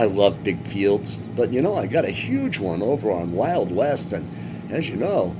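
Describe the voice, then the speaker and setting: A man from Massachusetts giving rambling, joking commentary while streaming a farming game. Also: mid-range voice. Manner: chatty, rambling, joking asides. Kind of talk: casual gameplay commentary. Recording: game vehicle engine noise behind.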